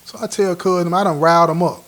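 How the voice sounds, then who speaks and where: A man's voice: sits high, steady tone, fast, fairly bright tone. A man hosting his own show, telling a prison story in casual street slang and acting out what others said. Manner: street slang, acts out quoted dialogue.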